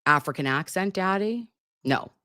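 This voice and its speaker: A woman's voice: lowish voice, lively intonation, normal speed, sharp tone, dry recording. A woman hosting a casual livestream from home, chatting with viewers in a playful, profane way. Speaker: livestream host.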